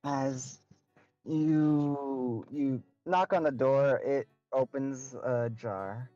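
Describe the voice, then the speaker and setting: A game master narrating a tabletop game in a halting way, often stopping to restart. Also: mid-range voice, steady tone, mellow, dry recording, muffled recording, soft background music.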